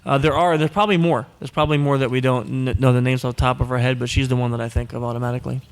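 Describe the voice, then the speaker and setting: A man's voice: mid-range voice, level tone, rapid-fire, smooth. Joking male podcast host live. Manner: joking, teasing, acts out quoted voices. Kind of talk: live panel talk with audience questions. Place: live event before an audience.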